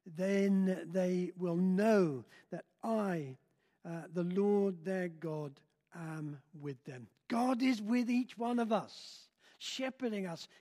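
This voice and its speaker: An older man preaching a sermon in a church, slow and halting with many filler sounds. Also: high-pitched, mellow. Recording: long reverb in a hall.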